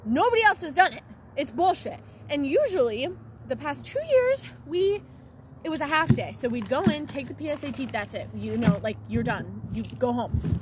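A woman's voice: high-pitched, sing-song, moderate pace. A teenage girl co-hosting a casual podcast, swearing often as she rants about school. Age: teens. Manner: swears a lot, ranting. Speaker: podcast co-host. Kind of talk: casual chat. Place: car in a parking lot at night. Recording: faint traffic noise in a parking lot.

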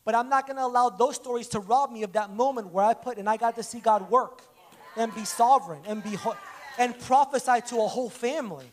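Very high-voiced male preacher. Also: fairly quick, a little hiss or hum. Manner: animated, acts out dialogue in stories. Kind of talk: conversational sermon with storytelling.

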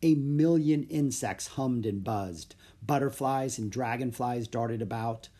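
A man narrating a children's audiobook in a steady, plain storytelling voice. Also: mid-range voice, unhurried.

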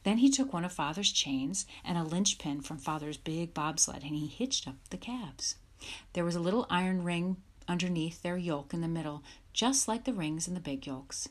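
A woman narrates a children's chapter book, her voice sitting on the low side. She reads in a steady, even storytelling rhythm that warms into livelier delivery when the dialogue starts. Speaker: audiobook reader. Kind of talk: scripted narration.

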